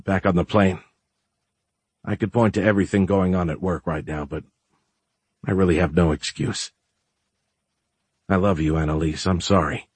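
A man's voice: low voice, fairly even intonation, normal speed, pauses often, husky, dry recording. Give me an understated, earnest businessman husband, as a male narrator reads him. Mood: apologetic. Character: weary adult businessman husband, earnest and dryly playful.

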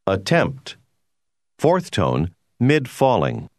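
Male course narrator, deep and expressive, measured explanatory read, dry booth. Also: no room sound. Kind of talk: scripted educational narration.

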